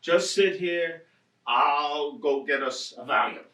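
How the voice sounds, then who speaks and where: An actor playing an irritable, nervous husband after a burglary, blustering, swearing and ranting in a stage play. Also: male voice, a little high, slow pace, sharp tone, slight background noise. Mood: agitated. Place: theatre stage. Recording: roomy stage sound from a distant mic.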